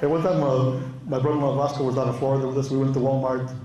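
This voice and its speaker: A man's voice: medium pitch, level tone, very fast, loud music behind the voice. A man doing stand-up at a live club show, telling true stories in a chatty way, laughing at his own lines and quoting people in a raised voice. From Europe. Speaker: stand-up comedian. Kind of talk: stand-up storytelling. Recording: echoey club room.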